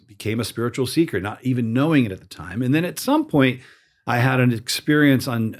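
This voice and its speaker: On his casual interview podcast, a male host with a mid-range voice tells his own story with lively animation. He acts out the voices of the people he quotes.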